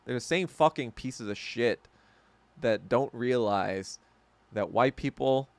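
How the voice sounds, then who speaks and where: A man's voice: mid-range voice, takes it slowly, no echo. A man hosting a podcast in a casual, profane, heated rant, rambling and correcting himself as he goes. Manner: rambling, with frequent self-corrections. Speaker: podcast host. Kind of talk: casual ranting monologue.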